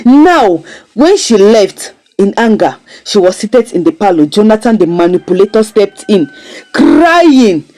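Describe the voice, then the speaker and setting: A woman giving a casual, expressive recap and critique of a drama series episode. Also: mid-range voice, a little slow, soft background music, poor audio. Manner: animated, expressive storytelling. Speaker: series reviewer.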